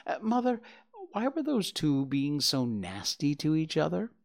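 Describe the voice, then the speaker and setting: A man voicing an excited, curious young male fawn who asks question after question and stammers. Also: a little high, a little slow, gravelly, pitched above the performer's own voice, full character voice.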